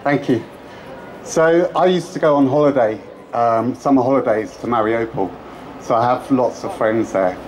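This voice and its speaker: A man's voice: medium pitch, normal speed, a little mellow, a little hiss or hum, low-quality recording. A man giving an impassioned protest speech at an outdoor rally, with emphatic, repetitive rhetoric. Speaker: rally speaker.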